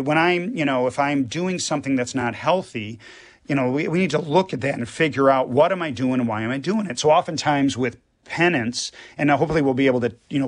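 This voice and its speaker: A man, a priest, talking earnestly on a radio show and explaining with everyday examples. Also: mid-range voice. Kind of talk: radio conversation.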